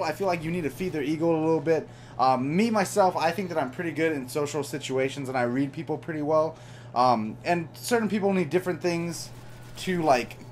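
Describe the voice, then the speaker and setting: A young man telling a casual storytime monologue as a vlogger, animated and slangy, calling listeners bro. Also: on the high side, slight background noise.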